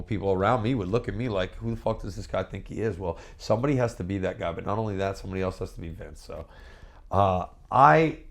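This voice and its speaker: This low-pitched man is a former pro wrestler in a candid shoot interview. He boasts and swears brashly, spinning animated stories marked by bursts of repeated words.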